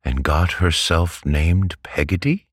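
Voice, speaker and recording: A man's voice: sits low, slow, dry recording, clean studio sound, voice pushed up. A man voicing a domineering elderly aunt in a storybook reading. She speaks in curt, commanding, impatient sentences. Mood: stern. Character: stern, brisk elderly aunt, domineering and abrupt.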